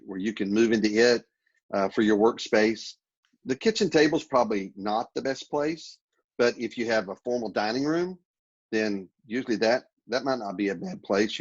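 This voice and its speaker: Man, husky, guest speaker, casual advice, muffled lo-fi call audio. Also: fairly low pitch. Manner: relaxed, advice-giving, repeats words. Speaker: interview guest, productivity speaker. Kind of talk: casual remote interview.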